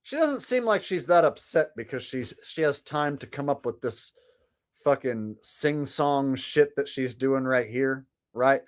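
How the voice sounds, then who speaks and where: A woman giving sarcastic reaction commentary on video clips, her pitch lively and animated. She talks bluntly and swears freely, mid-pitched. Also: measured pace. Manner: sarcastic, profane.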